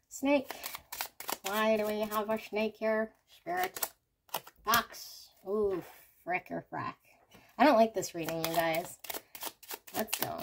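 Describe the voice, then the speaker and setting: A woman's voice: mid-range voice, takes it slowly, long pauses, noisy background. A woman giving a casual pick-a-card reading, talking candidly and thinking aloud. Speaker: tarot card reader.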